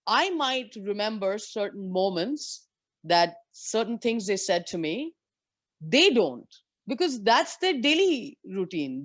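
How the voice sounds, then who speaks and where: A woman in her forties from India, a former professional golfer, telling lively and candid stories as an interview guest. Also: on the high side, dry recording. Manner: lively, candid anecdotes with frank swearing. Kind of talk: storytelling in a conversation.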